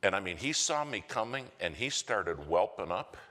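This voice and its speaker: A man's voice: lowish voice, very animated, normal speed, sharp tone. A man preaching a storytelling sermon with dramatic delivery that drops to a whisper for emphasis. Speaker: guest preacher. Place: large church sanctuary. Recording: long church reverb.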